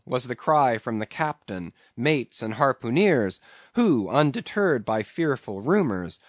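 Lively, dramatic male audiobook narrator. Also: medium pitch, no echo. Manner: dramatic, storytelling. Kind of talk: scripted classic novel narration. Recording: dull, dry recording.

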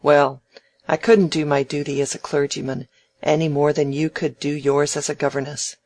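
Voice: medium pitch, little pitch movement, normal speed, a little mellow, no room sound, close to an everyday voice. A reader voicing an idle, proud young man in a novel, talking brashly and emphatically. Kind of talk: audiobook dialogue reading.

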